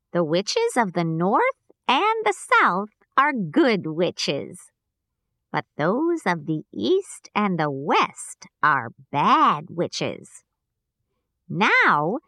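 A woman voicing a kind little old female good witch, speaking gently and reassuringly. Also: a little high, no room sound, studio quality, heavily acted.

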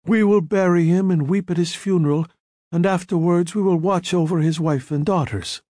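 A man voicing a short, heavy, aging crime boss with a slight Italian accent, speaking in a slow, grave, formal way. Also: sits high, dark tone, no echo, studio quality, pitched above the performer's own voice.

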